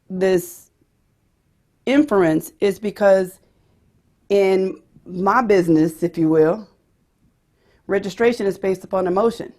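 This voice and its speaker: A woman's voice: medium pitch, a little mellow. A woman teaching a vocal pedagogy workshop, explaining how she picks registration and demonstrating different voices.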